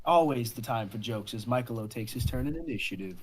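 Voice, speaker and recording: A man's voice: mid-range voice, lively intonation, fairly quick, background noise. A man running a tabletop game as game master, talking animatedly into a headset, laughing often and swearing casually.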